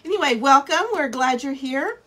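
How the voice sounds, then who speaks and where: A woman's voice: sits high, animated, moderate pace, fairly bright tone. A woman hosting a casual live craft demo from a small studio, chatty and welcoming, thinking aloud as she works, with a scratchy throat and stuffy nose. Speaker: craft livestream host.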